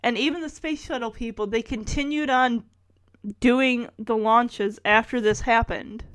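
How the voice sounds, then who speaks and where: A woman's voice: on the high side, dry recording. A middle-aged woman chatting casually through an episode recap, rambling with little laughs. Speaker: show recapper.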